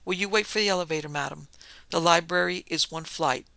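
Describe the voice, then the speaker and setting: A man's voice: fairly high pitch, brisk, gravelly, sharp tone, no room sound, rough recording. A man reading the part of a formal, deferential butler who speaks politely and properly. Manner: polite, formal, addresses madam.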